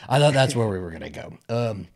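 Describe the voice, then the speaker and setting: Podcast co-host, man, low voice with lively swings, casual and profane. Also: a little fast, creaky. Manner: animated, swearing, mimics characters in high voices. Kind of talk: casual film discussion.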